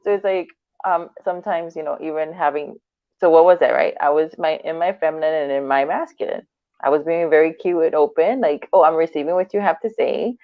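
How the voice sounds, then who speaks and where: A woman's voice: low voice, fairly quick, clean tone, no echo. A woman co-hosting a podcast in casual chat, laughing often and acting out quoted dialogue. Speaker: podcast co-host. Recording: dry, tinny phone-like line.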